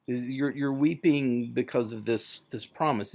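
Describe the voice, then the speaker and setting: A man giving a classroom lecture on a medieval poem, paraphrasing passages in a conversational, animated way with many fillers and restarts. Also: mid-range voice, a little slow, gravelly. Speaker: literature lecturer.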